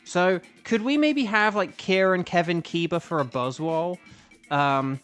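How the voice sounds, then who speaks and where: Soft music plays behind a young British streamer and voice actor whose voice sits high, with a fairly bright, clear, resonant tone. He talks a little slowly, rambling casually to his stream mid-game with plenty of fillers and restarts.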